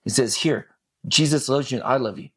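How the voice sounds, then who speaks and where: A middle-aged man, a podcast guest, telling a personal story in casual talk, swearing freely and acting out what people said in a raised, animated voice. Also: medium pitch, brisk, husky, no echo, clean studio sound. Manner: animated, swears, acts out quoted lines in a raised voice.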